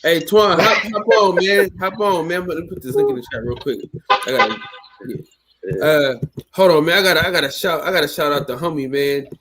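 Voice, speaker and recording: A man hosting a casual livestream, talking in slang and shouting out viewers in the chat. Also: a little high, lively intonation, moderate pace, noisy background. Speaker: show host.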